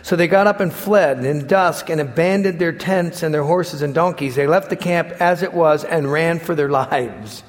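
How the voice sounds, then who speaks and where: A man preaching a sermon, telling stories with lively acted-out quotes and sudden shouts. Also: a little high, normal speed, hardly any pauses. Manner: animated storytelling, acts out quotes and shouts. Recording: long hall reverb.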